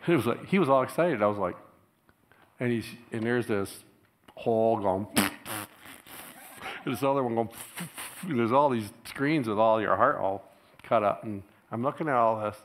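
A man preaching a casual, storytelling sermon to a church congregation, chuckling often and getting animated when he quotes other people. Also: mid-range voice, moderate pace, slight background noise. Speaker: pastor.

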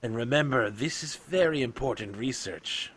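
A man voicing an eyeless, floating, tentacled scholar creature in a tabletop game, speaking slowly and insistently. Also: mid-range voice, lively intonation, a bit bright, a little hiss or hum, natural voice. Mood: probing.

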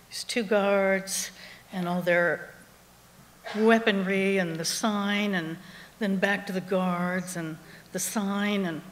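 A woman's voice: mid-range voice, a bit bright. Wry woman storyteller in a reverberant theater. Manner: conversational and wry, laughing along with the story. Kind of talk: live stage storytelling. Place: theater stage before a live audience. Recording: long hall reverb from a live theater.

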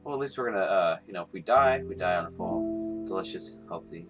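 A man's voice: low-pitched, animated, fairly quick, over music. A man giving casual, joking commentary on a game, swearing freely and reading the game's text aloud. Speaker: gamer.

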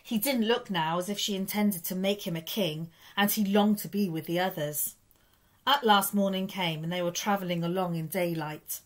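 A woman's voice: on the low side, normal speed. Woman reading a children's story aloud. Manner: expressive, lively storytelling. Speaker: primary school teacher.

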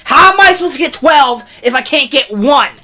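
A young man playing a motion-controlled bowling game and commenting at his desk at home, excitable and often breaking into screams and shouts. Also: extremely high pitch, moderate pace. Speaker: gaming video creator. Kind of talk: excitable let's-play commentary. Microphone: desk mic, camera off.

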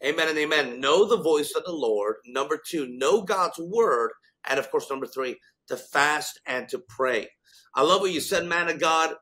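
A man with a bright, sharp-edged voice sitting slightly high hosts a faith talk show. He questions his guest and then turns fervent, declaring what he believes is being spoken. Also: animated, normal speed. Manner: fervent, declaring prophetic words. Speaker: show host.

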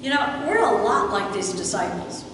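In a sing-song, medium-pitched voice at a moderate pace, a woman preaching in a church sanctuary tells scripture stories and acts out what the characters say. The recording comes from far off in an echoey hall with background noise.

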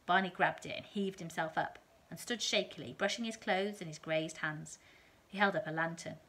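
A woman reading a children's novel aloud in a calm, steady storytelling manner. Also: on the low side, moderate pace, breathy edge.

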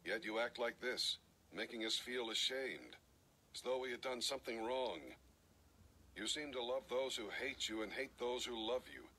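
A man's voice: medium pitch, normal speed, pushed and bright, breathy edge, rough recording. A man reading as a stern army commander. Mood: scolding.

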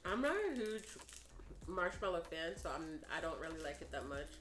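A young American woman chatting casually while taste-testing snacks, asking quick questions. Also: deep voice, lively intonation, fairly bright tone, reverberant, rough recording. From United States. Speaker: co-host.

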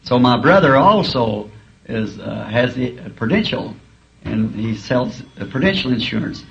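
A man's voice: medium pitch, lively intonation, measured pace, vocal fry. A man preaching a sermon in a school auditorium, telling folksy, humorous stories. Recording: dull archival tape, faint hiss.

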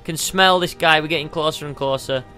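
A man giving excitable let's play commentary, yelping and tossing out goofy exclamations. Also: a little high, brisk, faint music behind. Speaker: gamer.

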